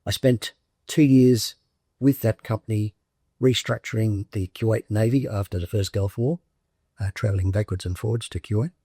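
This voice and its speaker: An older man with an Australian accent tells his career story step by step in a plain, matter-of-fact way. His voice sits a little low and has a husky edge. The recording is close and dry. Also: moderate pace, dark tone, dry recording. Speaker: veteran interviewee. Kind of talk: documentary interview, recounting a career.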